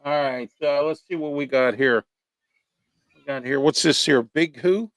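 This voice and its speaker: A man's voice: fairly high pitch, a little slow, a bit bright, no room sound. Blunt rambling sports show host, man. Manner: blunt, rambling, many fillers. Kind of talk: casual sports talk.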